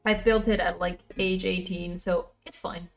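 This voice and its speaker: A woman's voice: fairly low pitch, steady tone, moderate pace. A woman streaming live, chatting casually and rambling as she answers her chat.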